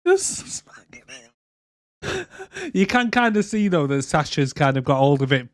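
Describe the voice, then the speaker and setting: A man's voice: a little high, wildly swooping pitch, a little slow, no room sound, clean studio sound. A man co-hosting a podcast, chatting casually and crudely about a film, laughing often and quoting lines. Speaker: podcast co-host. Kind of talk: casual film review chat.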